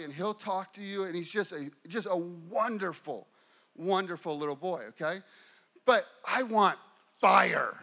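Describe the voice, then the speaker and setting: A man in his forties preaching with a high, ringing voice that stays bright and forceful. He tells his story with lots of energy and sometimes bursts into shouts while acting out scenes. His delivery is that of a pastor keeping a congregation hooked. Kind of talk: storytelling sermon.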